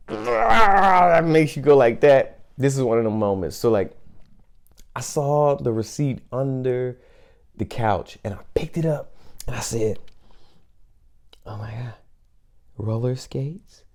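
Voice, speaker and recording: A man's voice: medium pitch, warm tone. A man in his thirties, a podcast host telling a childhood story in a casual, rambling, chatty way. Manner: rambling, chatty, full of fillers.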